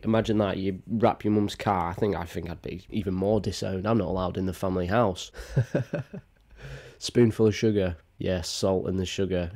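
Deep-voiced young guy, sarcastic and rambly, swears a lot reacting to stuff. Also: gravelly, a little mellow. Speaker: vlogger. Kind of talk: casual reaction commentary.

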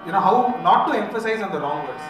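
High-voiced Indian man teaching in echoey hall. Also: animated, fast talker. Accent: Indian English. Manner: explains with gentle humor, mixes in Hindi. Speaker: bhajan workshop leader. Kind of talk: teaching talk with sung examples. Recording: echoey hall from far off, music behind.

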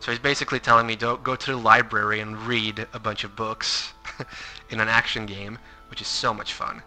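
A man's voice: fairly low pitch, flat delivery, moderate pace, pushed and bright, soft background music. A man commentating a game playthrough, reading on-screen text aloud and adding wry asides. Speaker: let's play commentator. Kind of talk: gameplay commentary.

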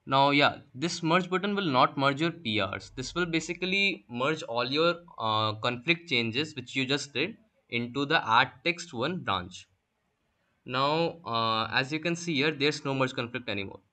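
A man's voice: medium pitch, lively intonation, a little slow, sharp tone. A young man explaining a coding topic step by step in a screen-recorded tutorial, with frequent fillers. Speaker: workshop instructor.

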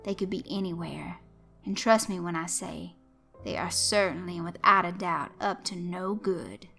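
A woman voicing a showy male host of a children's stage show, coaxing and shouting to the kids. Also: fairly low pitch, normal speed, gravelly, soft background music. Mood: hammy. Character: loud jovial male kids' show host.

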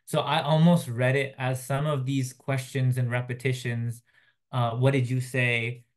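A man delivering a Friday sermon as a chaplain, soft-spoken and reflective, pausing often with fillers. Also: mid-range voice, little pitch movement. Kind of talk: Friday sermon, retelling a phone call.

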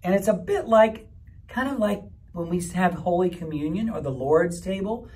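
A man, a pastor, gently explaining ideas to children at a church camp in a rambling, friendly way. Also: sits high, animated, normal speed. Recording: mic from far off.

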